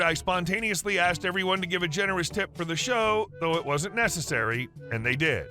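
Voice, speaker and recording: A man narrating reddit stories in a brisk, even, scripted read. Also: high-pitched.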